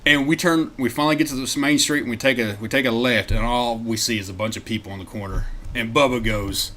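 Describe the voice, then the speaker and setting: Animated man telling road-trip stories. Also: mid-range voice, fast, slight background noise. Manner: animated storyteller, acts out quotes loudly, laughs often. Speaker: podcast co-host. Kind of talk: casual storytelling chat.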